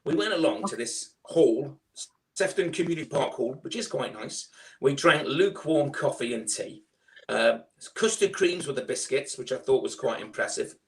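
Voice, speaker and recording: Loud scouse bloke, middle-aged, rambling chatty stories. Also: male voice, medium pitch, animated, moderate pace. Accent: Liverpool. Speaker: foster carer guest. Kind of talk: casual storytelling.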